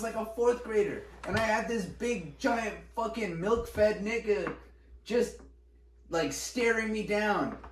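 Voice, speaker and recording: A young man co-hosting a podcast, telling school stories in casual chat, animated and profane, laughing as he goes. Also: high-pitched. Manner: animated, swearing, laughing while recounting. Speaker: podcast co-host. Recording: echoey room, mic at a distance, faint noise.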